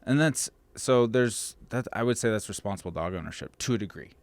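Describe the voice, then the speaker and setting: Male dog trainer, podcast guest, low deep voice, emphatic and outspoken, swears in casual talk. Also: lively intonation, a little fast, no room sound. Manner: blunt, emphatic, swears freely. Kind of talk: casual chat.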